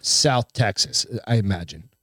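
A man's voice: on the low side, animated, measured pace, fairly bright tone, dry recording, studio quality. A man co-hosting a podcast, chatting loosely with lots of fillers and casual swearing. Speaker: podcast co-host. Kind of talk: casual chat.

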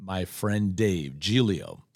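Low-voiced man chatting on a podcast. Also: lively intonation, slow pace, vocal fry, dry recording, clean studio sound. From Detroit area, USA. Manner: rambling, self-correcting storyteller. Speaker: podcast co-host. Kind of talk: casual chat.

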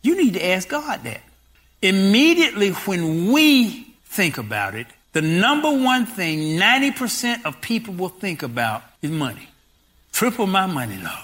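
Pastor, 60s, preaching; bright, lively delivery with rhetorical questions. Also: medium pitch, moderate pace. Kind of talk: sermon.

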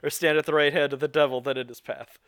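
A man's voice: a little high, little pitch movement, quick pace, a bit bright, dry recording. Chatty man recapping with a dry close mic. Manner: rambling, self-interrupting, laughs often. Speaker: podcast co-host recapping a show. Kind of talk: casual chat.

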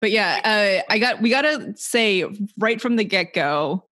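A woman's voice: medium pitch, lively intonation, a little slow, pushed and bright. A woman co-hosting a casual podcast chat over a video call, easygoing and wry. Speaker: podcast co-host.

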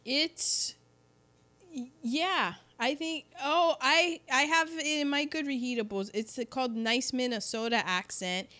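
Chatty woman in a relaxed podcast chat. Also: high voice, measured pace. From California. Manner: animated, puts on voices when quoting people. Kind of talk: casual chat.

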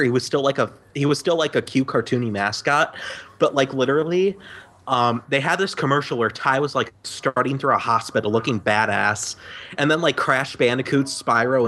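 A man's voice: mid-range voice, pushed and bright. A man in casual chat with friends, telling a rambling story and swearing casually.

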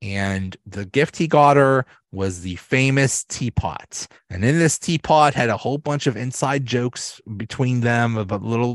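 A man's voice: mid-range voice, dry recording, studio quality. A man hosting a solo podcast, recapping episodes in a rambling, casual way with restarts and laughs. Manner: rambling, many restarts and fillers, laughs often. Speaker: podcast host.

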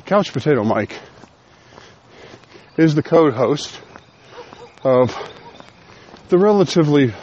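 A podcast host walks outdoors while running his casual solo show, slightly out of breath. His voice is a bit high and a little mellow, with lively intonation, a slow pace and frequent pauses. He's chatty and self-deprecating; the highs are cut off and there's slight background noise.

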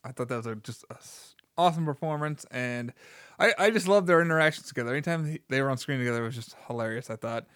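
A man talks through a film he enjoyed in an easygoing, chatty way, often quoting its lines. His voice is smooth and clear. The sound is dry and close. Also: mid-range voice, fast talker, no echo. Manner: relaxed, laughs often, quotes lines from the film. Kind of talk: casual film review chat.

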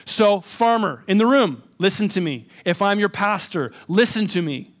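A man preaching a sermon, with a high, lively voice. He tells a story in a casual, self-deprecating way, then turns to earnest exhortation. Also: moderate pace. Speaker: pastor.

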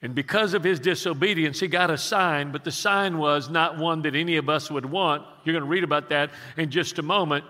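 In a large hall, a man in his sixties delivers a sermon in a fairly high, sharp voice. As a pastor telling a story he falters with restarts, but his preaching turns emphatic.

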